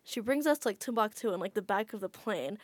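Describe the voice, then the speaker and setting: A woman's voice: mid-range voice, lively intonation, fast, no room sound. A woman guest on a podcast, telling a travel story in a chatty way with a lot of "like" fillers. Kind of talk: casual storytelling.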